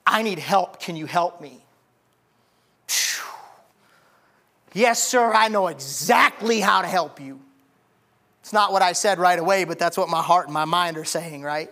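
A male pastor telling a story from the pulpit, acting out the dialogue and building to shouts. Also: a little high, gravelly. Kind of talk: sermon storytelling.

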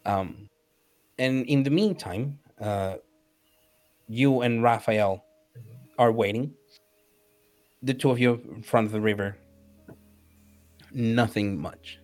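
A man's voice: medium pitch, slow, long pauses, a little mellow, faint music behind. A man narrating a tabletop game as game master, hesitant and full of fillers.

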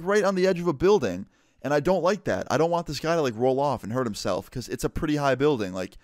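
A man's voice: medium pitch, dry recording, studio quality. A man in his twenties telling a story casually, full of "like" and "dude.". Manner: laid-back, full of "like" and "dude".

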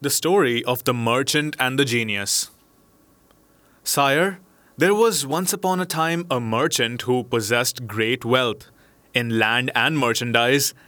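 A man narrating a classic storybook in a measured, expressive way. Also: mid-range voice, no room sound.

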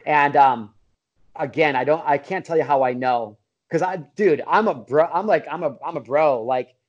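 A man's voice: a little high, moderate pace. A middle-aged man, a podcast guest, telling a story in a casual way, full of bro slang, fillers and restarts. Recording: dull lo-fi audio.

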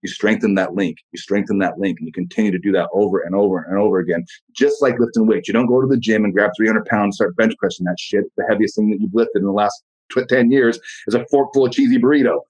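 A man as a podcast guest in casual motivational talk, blunt and profane, telling animated stories. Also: on the low side, fast, hardly any pauses, rough recording.

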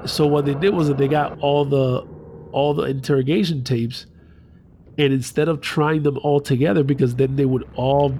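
A man's voice: mid-range voice, steady tone, normal speed, warm tone, a little hiss or hum. A man retelling a story in casual chat, loose and profane, acting out the voices.

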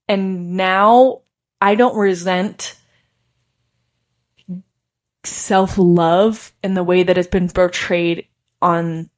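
A young woman hosting a podcast, telling a personal story in a casual, chatty way with many fillers and frequent laughs. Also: lowish voice. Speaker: podcast host.

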